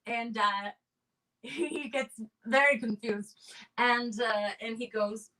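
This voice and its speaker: A young woman hosts a streamed comedy show from home, telling stories in a loose, profane, filler-heavy way. Her voice is high and bright. She sits a little back from her computer mic. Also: slow pace, distant mic, low-quality recording. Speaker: comedy showcase host. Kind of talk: casual stand-up storytelling.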